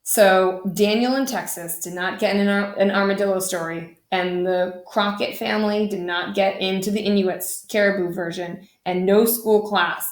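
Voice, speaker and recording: Woman storyteller, animated picture-book reading with lively pitch leaps, mid-range voice. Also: moderate pace, hardly any pauses, roomy sound. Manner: animated, voices the characters with big pitch jumps.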